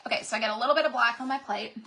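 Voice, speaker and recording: Lady doing a live craft demo, bright voice, kinda out of breath, chatty w viewers. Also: on the high side, racing, slight background noise. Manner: chatty, greets viewers by name while working. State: a bit out of breath. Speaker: craft livestream host. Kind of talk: live craft demonstration chat.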